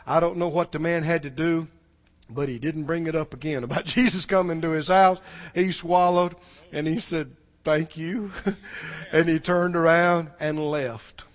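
A man preaching a sermon, moving from hushed storytelling to shouted exhortation and chuckling as he goes. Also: fairly high pitch, fairly even intonation, normal speed, dull audio.

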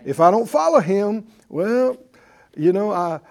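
A man's voice: high-pitched, big pitch swings, a little slow, gravelly. A male pastor preaching a sermon to a live congregation, with emphatic call-and-response delivery. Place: church before a live congregation.

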